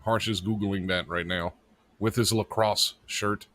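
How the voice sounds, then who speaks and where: A man's voice: lowish voice, fairly even intonation, unhurried, fairly bright tone. A man co-hosting a live internet radio stream as its producer, rambling and joking with casual swearing. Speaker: producer and co-host.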